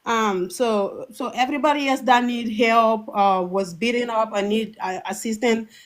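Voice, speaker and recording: A woman from Togo, calling in to a live show and speaking with deep emotion, often repeating and restarting her words. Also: normal speed. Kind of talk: impassioned call-in testimony.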